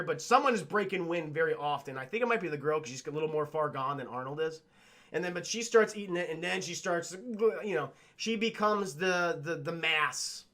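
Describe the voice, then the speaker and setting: A man's voice: fairly high pitch, sharp tone. A man reviewing a film on a livestream, rambling and swearing as he talks to his chat.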